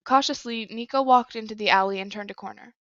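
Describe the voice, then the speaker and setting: A woman's voice: fairly high pitch, fast, no room sound. Woman reading a story, dull dry sound. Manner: plain, even reading with small slips. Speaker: story reader. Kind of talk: reading fan fiction aloud.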